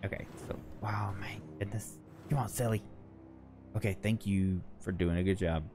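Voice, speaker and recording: Sounding tired and yawning, a man who hosts a gaming channel gives rambling, chatty commentary over his own gameplay and often corrects himself along the way. His voice is deep and his pace moderate, with music playing in the background.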